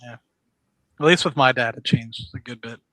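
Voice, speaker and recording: A man hosting a casual live stream with a bright, forceful voice. He speaks in a measured way, leaning on filler words as he thinks aloud. The sound is dry, with no room echo. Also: mid-range voice. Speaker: stream host. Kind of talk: casual chat.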